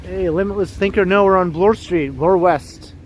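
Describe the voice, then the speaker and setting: A man's voice: high-pitched, normal speed, a little hiss or hum. A man from Canada hosting a casual livestream while walking a snowy street, greeting chat viewers by name and laughing often. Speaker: livestream host. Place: snowy city street outdoors at evening.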